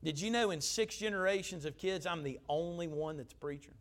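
High-voiced preacher man. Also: fairly quick. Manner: emphatic, conversational preaching with swings in volume. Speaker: pastor. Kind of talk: storytelling sermon.

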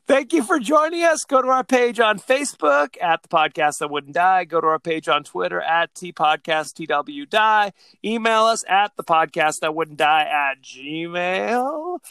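A man with a high, bright and smooth voice co-hosts a podcast in loose casual chat. He rambles along, filling gaps with "uh" and "um". He is recorded close and dry, with no room sound. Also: animated, unhurried, no echo. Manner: rambling, chatty, with frequent fillers. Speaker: podcast co-host.

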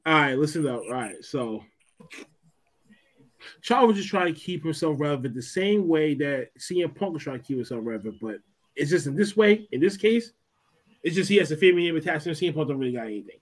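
A man with a husky, fairly high voice rambles through his opinion, hedging with fillers as he goes. His pitch moves in a lively way. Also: fast talker. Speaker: podcast co-host. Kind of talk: casual commentary.

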